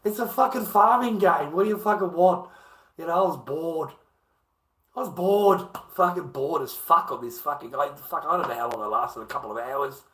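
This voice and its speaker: An Australian man in a profane, rambling casual chat to viewers, breaking into loud bursts. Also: on the high side, normal speed, slightly rough.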